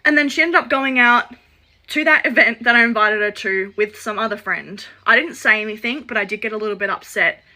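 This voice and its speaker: A chatty woman recounting a personal story in a casual storytime. Her voice is bright and forceful. She acts out the lines of the people in the story and leans on "like" as a filler. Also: fairly high pitch, brisk. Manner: chatty, acts out quoted dialogue; frequent "like" fillers.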